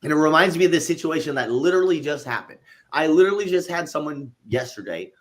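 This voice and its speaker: A man who owns a gym, telling a coaching story in a casual interview, animated and blunt, with some swearing. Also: fairly high pitch, fast talker. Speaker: gym owner and fitness coach.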